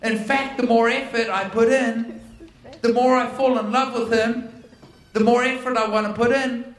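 Man, preacher, high voice, animated storytelling sermon, acts out dialogue, big echoey hall, heard from afar. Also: normal speed, recorded from a distance. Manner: animated, acts out dialogue, self-deprecating humor.

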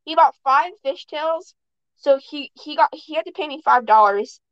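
A woman with a high-sitting voice speaks at normal speed while hosting a podcast, chatting loosely and restarting sentences as her stories wander. The dry recording has a dull quality.

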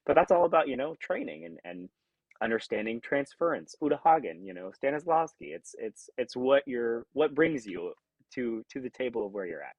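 A man from California, an actor talking as a podcast guest in an earnest, reflective way, acting out remembered thoughts with sudden jumps in pitch. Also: very animated, moderate pace, a little mellow, dry recording, rough recording. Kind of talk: conversational interview.

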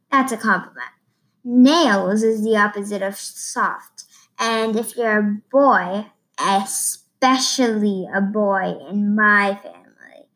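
Slow, higher-voiced woman reading a story. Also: fairly bright tone, poor audio. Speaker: reader. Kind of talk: first-person novel read aloud.

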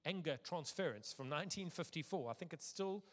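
A man reading a scripture passage aloud and then preaching casually, with dramatic pauses and soft dips at the ends of phrases. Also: on the high side, animated. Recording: long hall reverb.

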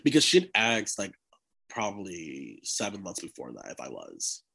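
A man's voice: deep voice, wildly swooping pitch, normal speed, creaky, pushed and bright, slightly rough. A young man in his twenties, chatty and laughing often, telling a personal story as a guest in a casual conversation.

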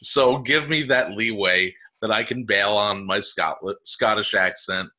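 A man's voice: lowish voice, unhurried, sharp tone. A man co-hosting a podcast, reading out facts in casual chat, hesitant and joking, with many fillers. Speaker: podcast co-host.

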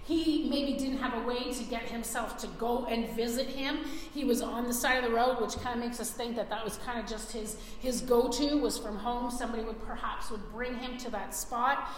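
A woman preacher giving a sermon, retelling a story with animated, acted-out scenes. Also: on the high side, moderate pace, hardly any pauses, slight background noise. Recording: echoey hall, faint ambience.

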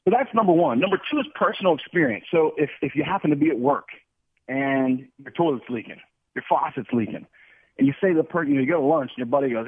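A man from the Ohio Valley calls in to a radio talk show as a guest, talking fast in a fairly high voice. He is energetic, stumbles over repeated words and acts out quick dialogues. The sound is a dry, tinny phone line with a husky edge. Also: no room sound. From Ohio Valley, USA. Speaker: guest sales expert. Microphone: telephone.

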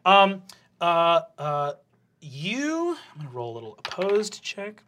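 Animated man running a tabletop game. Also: sits high, slow pace. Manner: loose, rambling narration with frequent swearing. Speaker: game master.

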